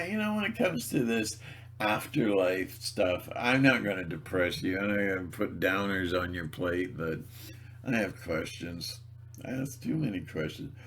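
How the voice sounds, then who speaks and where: A man's voice: lowish voice, a bit bright, a little hiss or hum. A man in a rambling solo video monologue, sarcastic and mocking, laughing at his own jokes and stumbling over repeated words. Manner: halting, repeats words and restarts. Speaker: video blogger.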